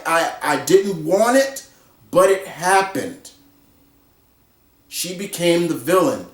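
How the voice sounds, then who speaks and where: A man giving a casual spoken film review, excitable and repetitive, acting out his own reactions. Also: on the high side, reverberant, distant mic. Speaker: movie reviewer.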